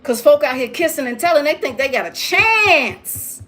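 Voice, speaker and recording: A woman's voice: high voice, very animated, normal speed, fairly bright tone, a little hiss or hum. A woman giving a preachy straight-talk monologue, lecturing listeners with emphatic repetition.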